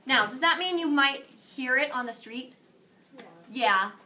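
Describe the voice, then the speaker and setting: High, bright-voiced playful woman teacher. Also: unhurried. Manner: playful, animated teacher quizzing students. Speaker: Spanish teacher. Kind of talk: classroom lesson. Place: classroom. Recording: distant classroom camera with faint noise.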